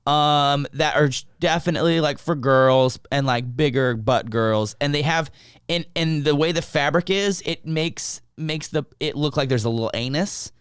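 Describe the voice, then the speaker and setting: A man co-hosting a podcast, telling stories in casual chat with lots of swearing and animated retelling. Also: on the high side, moderate pace, clean tone, no room sound, clean studio sound. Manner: profane, animated storytelling. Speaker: podcast co-host.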